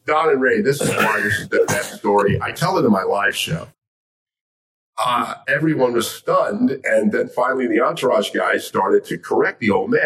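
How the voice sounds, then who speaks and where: An older man from Miami, a guest telling a story with lively animation. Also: fairly low pitch, normal speed, creaky, distant mic. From Miami, Florida. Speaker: guest, sports interviewer. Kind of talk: storytelling in a chat.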